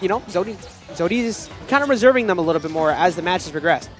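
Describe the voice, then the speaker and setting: A male tournament caster with a high voice talks very fast, calling the action in excitable bursts. Faint game music plays underneath. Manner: excitable, quick-fire calls. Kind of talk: play-by-play esports commentary.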